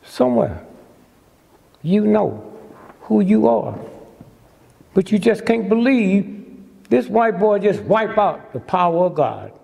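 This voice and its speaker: A man's voice: sits high, sing-song, slow pace, creaky, long pauses, dark tone. A man in his eighties giving a comedic lecture to a live audience, preacherly and teasing, asking "hmm?" after nearly every point. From United States. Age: 80s. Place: large lecture hall. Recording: lecture hall with long reverb.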